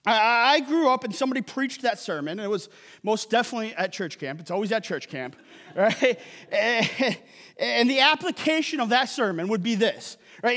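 A man's voice: very high-pitched, expressive, moderate pace, pushed and bright. A man preaching a sermon as a pastor, conversational and joking, often checking in with the congregation by asking "right?". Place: church auditorium. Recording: long hall reverb.

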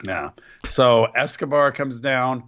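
A podcast co-host recaps wrestling shows in casual conversation, delivering sarcastic play-by-play. His mid-range voice is slow, fairly bright, clear and resonant, though the podcast audio itself is dull and lo-fi.

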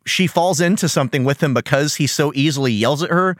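A man's voice: on the high side, brisk, no echo, studio quality. A young man hosting a casual podcast, talking animatedly, laughing often and acting out character voices. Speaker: podcast host. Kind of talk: casual chat about a cartoon.

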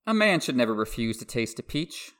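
A man's voice: medium pitch, sing-song, fairly quick, fairly bright tone. A man voicing a smug, mocking young lord. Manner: teasing, airy and boastful. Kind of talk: dramatic reading of a novel.

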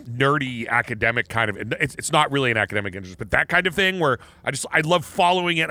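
Bright-voiced rambling podcast co-host, a man. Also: medium pitch, dry recording. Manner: rambling, with many false starts. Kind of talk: casual chat.

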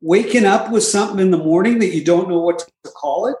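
A man's voice: high-pitched, a little fast, a little mellow. A man casually telling his recovery story, with wry, self-mocking humor and frequent asides. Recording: echoey room.

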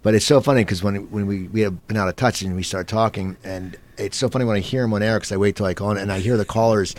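A man's voice: on the low side, steady tone. A man from Cherry Hill, New Jersey, hosting a casual interview and chatting eagerly with lots of tangents. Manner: quick, chatty, tangents about home. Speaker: interview host.

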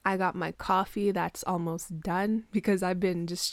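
A woman's voice: fairly low pitch, fairly even intonation, a little slow, no echo. Groggy-voiced woman chatting on her podcast. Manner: chatty, rambling, heavy use of "like". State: groggy, congested morning voice. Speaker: podcast host. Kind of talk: casual solo podcast chat. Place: small bedroom. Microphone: plugged-in podcast mic.

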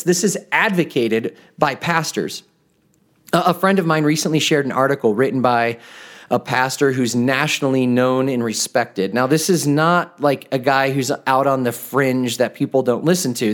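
A man hosting a reflective podcast, speaking earnestly and often stumbling on the first word of a phrase. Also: medium pitch. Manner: earnest, stammers on starts of phrases. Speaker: podcast host. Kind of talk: reflective spoken podcast talk.

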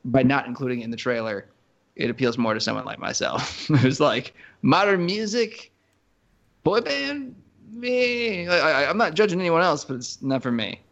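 A man co-hosting a podcast, chatting casually in a rambling, animated way, full of fillers and restarts. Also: medium pitch, fairly quick, dull audio. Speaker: podcast co-host. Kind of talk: casual chat.

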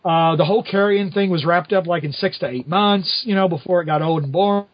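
A man's voice: high voice, fairly quick, no echo. A man hosting a podcast who rambles chattily through a casual comic-book recap, filling his talk with "you know.". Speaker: podcast host. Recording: dull lo-fi audio.

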